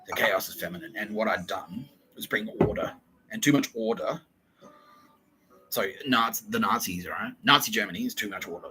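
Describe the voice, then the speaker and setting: Man, young, rambling comic monologue, profane, laughs a lot, sharp, low. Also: slight background noise, low-quality recording. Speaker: podcast host. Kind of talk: casual comedic monologue.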